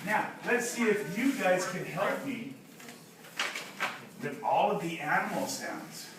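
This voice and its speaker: A woman teaching young children, telling a story and leading them through animal sounds in a slow, exaggerated, playful way. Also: lowish voice, expressive. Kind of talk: storytelling and call-and-response lesson for children. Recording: echoey hall, voice from far off, background noise.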